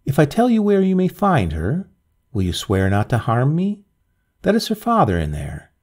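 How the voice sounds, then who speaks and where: A man's voice: on the high side, huge pitch swings, moderate pace, darkish tone, slightly rough, pitched above the performer's own voice, full character voice. A man doing a shrunken, cringing grave robber. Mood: fearful. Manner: nervous, eager, whining. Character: shrunken, fearful, greedy old male grave robber.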